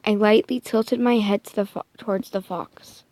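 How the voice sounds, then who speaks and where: A woman improvising a first-person story in a soft, hesitant way, often dropping into a whisper and correcting herself. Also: mid-range voice, steady tone, moderate pace, no room sound.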